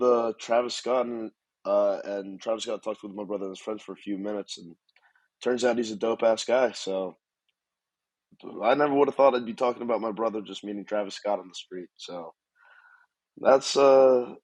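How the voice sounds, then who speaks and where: A man co-hosting a podcast, telling stories in relaxed casual chat with casual swearing. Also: lowish voice, normal speed, no room sound, poor audio. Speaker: podcast co-host.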